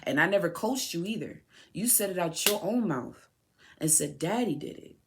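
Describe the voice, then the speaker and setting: A woman's voice: lowish voice, lively intonation, moderate pace, creaky, background noise. A woman podcast host speaking directly to her son, raw, tearful and heartfelt. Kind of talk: emotional personal address to her son.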